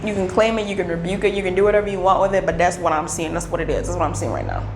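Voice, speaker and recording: A woman giving a casual tarot reading, playful and animated, who swears freely and acts out little voices. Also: on the low side, very fast. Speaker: tarot reader. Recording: echoey room with faint hiss.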